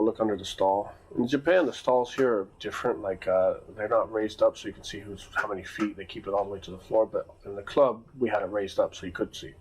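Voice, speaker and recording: A man's voice: fairly low pitch, a little mellow, husky, low-quality recording. A man who runs security at a nightclub, telling a long casual story with lots of fillers and restarts. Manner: rambling, many fillers and restarts.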